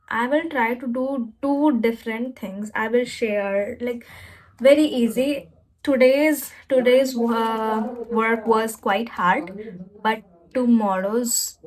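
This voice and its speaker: A woman's voice: a little high, takes it slowly, low-quality recording. A woman presenting a casual tutorial vlog as an English learning host, reassuring her viewers and often correcting herself mid-sentence. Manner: spells out words and demonstrates pronunciation.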